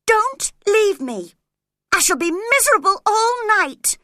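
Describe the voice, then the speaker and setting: A woman voicing a passionate, spoiled young woman who turns cross and shrill. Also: very animated, slow pace, no echo, clean studio sound, full character voice. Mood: pleading. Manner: shrill and cross, rising to shouts.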